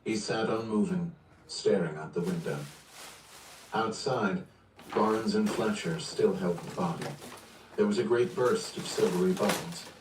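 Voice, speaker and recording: Male livestream reader, steady measured narration, roomy distant sound. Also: fairly low pitch, background noise. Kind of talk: reading a novel aloud on a livestream.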